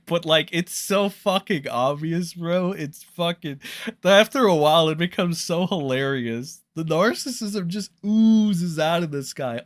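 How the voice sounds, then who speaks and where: Male streamer, bright edgy tone, rambling and foul-mouthed, exasperated reaction commentary. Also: mid-range voice.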